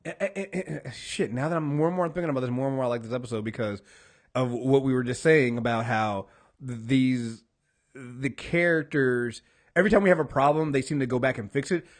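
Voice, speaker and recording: A man's voice: mid-range voice, a little fast. A man co-hosting a casual TV recap podcast, swearing freely and acting out characters' lines as he talks. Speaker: podcast co-host.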